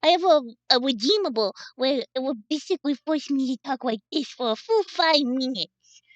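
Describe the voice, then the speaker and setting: A woman putting on a high, bouncy, chirpy voice of a young woman while chatting on a live stream. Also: expressive, normal speed, no room sound, lo-fi sound. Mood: playful. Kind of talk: casual live-stream chat.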